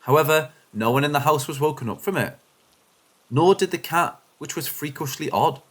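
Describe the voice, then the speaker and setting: Man narrating ghost stories, lively pitch. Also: moderate pace. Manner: expressive storytelling, shifting pitch with suspense. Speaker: story narrator. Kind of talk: scripted narration of paranormal stories.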